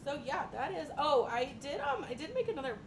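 A woman co-hosting a casual podcast, talking in a relaxed way and swearing offhandedly. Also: fairly quick. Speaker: podcast co-host. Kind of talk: casual chat. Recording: echoey, distant mic with rumble.

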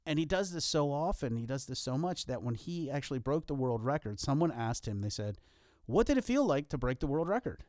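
A man's voice: medium pitch, sing-song, a little fast, darkish tone, no echo, clean studio sound. A man co-hosting a podcast, talking earnestly in a casual motivational way with wry self-deprecating jokes. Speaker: podcast co-host.

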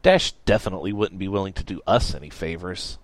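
A man voicing an exasperated, scheming young shop owner who talks in a raised, pushy, excitable way. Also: sits low, quick pace, no room sound, natural voice.

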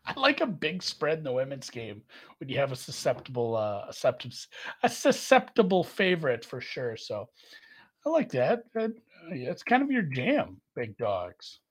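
A man's voice: huge pitch swings, normal speed, breathy edge. A man hosting a casual sports betting chat, rambling and poking fun at himself. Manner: rambling, self-mocking, jumps in pitch. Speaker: sports betting podcast host.

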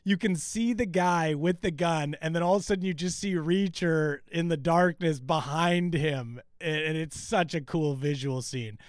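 A man's voice: fairly high pitch, normal speed, hardly any pauses, clear, resonant tone, no room sound, clean studio sound. A man co-hosting a casual TV recap podcast, enthusiastic and profane, with many ums and uhs. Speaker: podcast co-host.

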